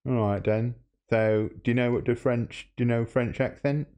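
A man making a comedic prank call, cheeky and mock-outraged, squealing up high when flustered. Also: fairly even intonation, moderate pace, dark tone. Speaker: prank caller.

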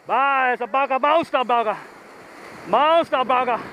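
A man fishing from the shore, whooping and calling out excitedly as he fights a big fish, with surf and wind behind him. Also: very high-pitched, moderate pace, phone-quality sound. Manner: whooping, shouting with excitement, local slang. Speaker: fisherman. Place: outdoors on the shore by the ocean. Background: waves and wind.

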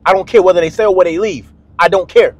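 A man's voice: high voice, quick pace, no echo. A man hosting a dating advice video, talking bluntly and emphatically to camera in a slangy, repetitive way. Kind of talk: direct-to-camera advice monologue.

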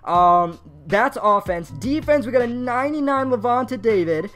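A young man commentating a live pack-opening stream in a chatty, running way, talking to his viewers as he goes. He swings from easy chatter to loud, giddy outbursts, with soft music playing quietly behind him. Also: extremely high pitch, moderate pace. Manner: excitable, shouts and laughs at big pulls; chatty, reads chat aloud. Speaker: mobile game streamer. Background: faint background music.

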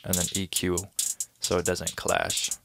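A man with a very low, gravelly voice explains a beat step by step in a laid-back tutorial. Beat music plays clearly underneath him, and he now and then sounds out the drum rhythm. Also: unhurried. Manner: relaxed, talks through steps, vocalizes drum rhythms. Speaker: music producer teaching a tutorial. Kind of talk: casual screen-recorded tutorial. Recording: music playing behind the voice. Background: beat music playing.

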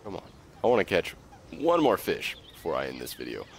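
Excitable young man with a lively, swooping voice. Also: deep voice, a little fast, slight background noise. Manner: excitable, swearing, coaxing the fish. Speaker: gaming video creator. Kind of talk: casual gameplay commentary.

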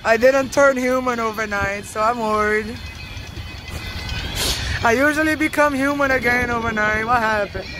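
A woman's voice: fairly high pitch, normal speed, pauses often, over music. A woman vlogging in a casual, rambling monologue, profane and offhand, laughing often as she talks outdoors on a street.

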